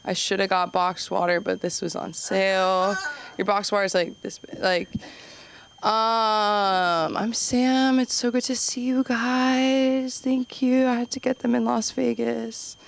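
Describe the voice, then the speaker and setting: A woman's voice: on the high side, fairly even intonation, measured pace, vocal fry, a little hiss or hum. Self-deprecating stand-up comedian woman. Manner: self-deprecating, rambling asides. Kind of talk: stand-up set.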